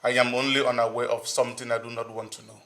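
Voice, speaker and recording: Guy doing a threatening man, tense bright voice. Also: mid-range voice, flat delivery, fast, natural voice. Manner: forceful, threatening. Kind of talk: film drama acting.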